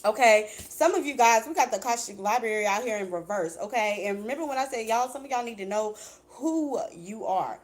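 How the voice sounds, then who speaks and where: A woman's voice: a little high, expressive, fairly quick. A woman doing a casual tarot reading for her viewers, chatty and blunt, swearing freely and calling them "baby.". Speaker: tarot reader.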